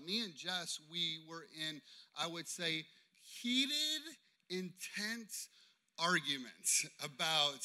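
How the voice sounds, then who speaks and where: A man's voice: fairly high pitch, bright, forceful tone. A man in his thirties, a pastor, telling a personal story in a sermon in a casual, conversational way, often asking "okay?". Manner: conversational, frequent "okay?" and "you know what I mean?".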